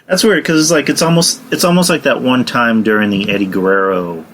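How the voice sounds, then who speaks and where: A man's voice: medium pitch, brisk, a bit bright, slight background noise. A man hosting a casual wrestling podcast, rambling with lots of fillers and laughing often. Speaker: podcast host.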